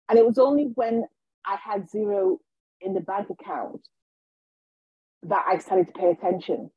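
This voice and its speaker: A woman, a guest on a podcast, telling her personal story in an animated way and acting out what people said to her. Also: mid-range voice, husky, dry recording, highs cut off. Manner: animated, acts out quoted dialogue. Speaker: guest, healer and intuitive.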